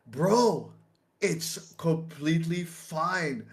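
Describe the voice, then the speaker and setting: A man's voice: fairly high pitch, slow pace, long pauses. A young man telling a story casually on a livestream, full of slang, swearing and laughter. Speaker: streamer.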